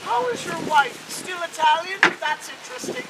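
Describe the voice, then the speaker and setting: A woman's voice: extremely high pitch, animated, moderate pace, heavy background noise. A man voicing an old Irish grandmother with a brogue, sweetly needling and blunt. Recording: loud crowd at an outdoor show.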